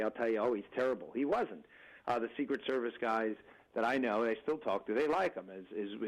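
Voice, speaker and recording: A man's voice: mid-range voice, a bit bright, poor audio. A man speaking as a guest and political candidate on a radio interview, talking emphatically with frequent restarts and addressing listeners as folks.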